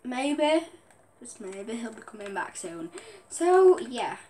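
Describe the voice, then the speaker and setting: Young woman, slightly high voice, headset mic; rambling, giggly game commentator with faint keyboard clicks behind. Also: sing-song, slow pace, mellow, slight background noise. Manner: giggly, rambling, keeps apologizing for laughing. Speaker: gaming vlogger. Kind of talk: casual gameplay commentary.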